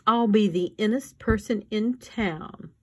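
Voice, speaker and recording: A woman reading an audiobook, voicing an excitable, trend-obsessed rich society woman who talks breathlessly and eagerly. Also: slow pace, slightly rough. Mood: gushing. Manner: breathless and gushing, high and eager.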